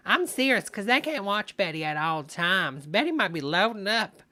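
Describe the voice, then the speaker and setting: A woman's voice: mid-range voice, big pitch swings, moderate pace, bright, forceful tone. A woman hosting a livestream, giving sassy, gossipy comic commentary and calling everyone honey. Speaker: livestream host reacting to a video.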